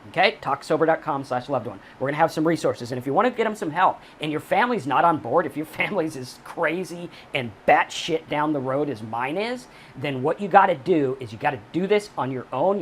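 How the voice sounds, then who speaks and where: With slight background noise behind him, a man with a somewhat high voice runs a recovery channel. His monologue to camera is blunt, profane advice, pounding home the same points repeatedly.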